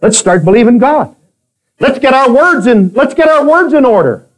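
A man preaching a sermon to a congregation, moving between quiet asides and emphatic exclamations. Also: animated, normal speed, low-quality recording. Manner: preaching, swings between soft asides and loud high exclamations. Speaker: pastor. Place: church with a congregation.

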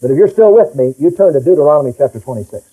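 A man's voice: on the high side, lively intonation, racing, slightly rough, narrow, tinny audio. A middle-aged male pastor preaching a folksy, emphatic sermon and reading scripture aloud.

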